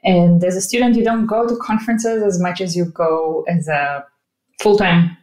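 A woman's voice: fairly low pitch, normal speed, darkish tone. A young woman from Israel, a Hebrew speaker, chatting thoughtfully on a podcast panel with light teasing humor. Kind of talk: casual chat. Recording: roomy echo.

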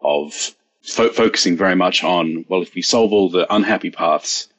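A man speaking as a podcast panel guest, thoughtful and a little halting. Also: low voice, a bit bright, breathy edge, poor audio. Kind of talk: casual panel chat.

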